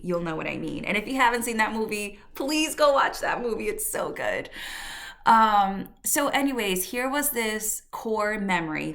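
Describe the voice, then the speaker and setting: A woman's voice: medium pitch, creaky, a bit bright. A woman podcast host telling a personal story in a candid, reflective way, with fillers and restarts. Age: adult.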